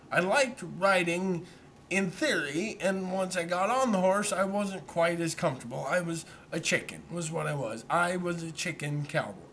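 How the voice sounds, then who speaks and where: A man tells a long childhood story to a camera that a friend holds, rambling along and poking fun at himself. His voice sits slightly high and comes across bright and forceful, and he keeps circling back with easy asides. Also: a little hiss or hum. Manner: rambling and self-deprecating, with repeated "so anyway". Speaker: vlogger telling a childhood story. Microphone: camera held by a friend.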